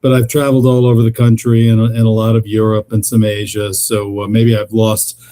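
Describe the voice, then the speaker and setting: A relaxed, laid-back man from New York, a lawyer chatting as a podcast guest. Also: on the low side, a little fast. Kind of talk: casual interview chat.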